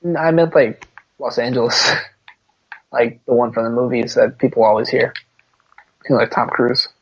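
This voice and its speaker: A man's voice: medium pitch, fairly even intonation, moderate pace, creaky, slightly rough. A man co-hosting a podcast in casual chat, teasing and laughing often. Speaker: podcast co-host. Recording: dull lo-fi recording.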